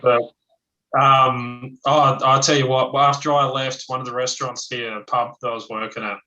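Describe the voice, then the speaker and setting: A man's voice: medium pitch, flat delivery, moderate pace, sharp tone, lo-fi sound. A man with an Australian accent chatting casually, blunt, swearing freely and laughing often. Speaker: livestream guest, ex-chef. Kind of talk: casual chat.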